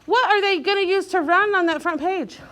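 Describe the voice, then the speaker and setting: A woman teacher leading a young child through a reading lesson, slow and clear, sounding out letters and encouraging. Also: very high-pitched, a crowd in the background.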